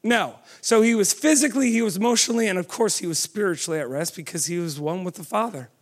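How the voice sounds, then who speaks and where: In a high voice, a preacher keeps firing questions at his listeners and spurring them with "come on." He shifts between rapid bursts and slowly stretched-out words.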